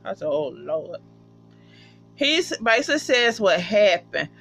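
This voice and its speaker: A vlogger casually recapping a TV episode, profane and animated, acting out the characters' lines. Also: mid-range voice, normal speed, faint music behind. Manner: profane, animated, acts out quotes. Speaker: TV episode reviewer.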